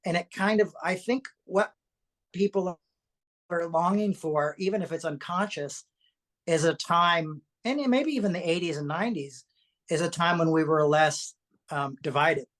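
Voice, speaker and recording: A co-host in casual podcast chat, animated and chatty, laughing easily. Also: mid-range voice, measured pace.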